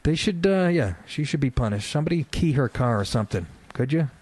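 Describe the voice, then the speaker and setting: Hosting a radio show, this man delivers a profane, comedic rant full of sarcasm, heavy swearing, and mocking asides, switching between mock voices as he goes. His voice sits in the mid range, a touch mellow and slightly rough, with lively intonation and a fairly quick pace.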